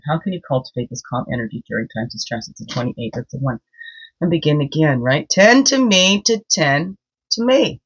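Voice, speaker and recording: A woman's voice: very deep voice, slightly rough. Woman host of a daily card-reading vlog; sing-song, heartfelt chatter over muffled lo-fi audio. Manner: sing-song greetings, chatty and openly emotional, frequent laughs. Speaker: spiritual guide and medicine woman. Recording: dull lo-fi sound.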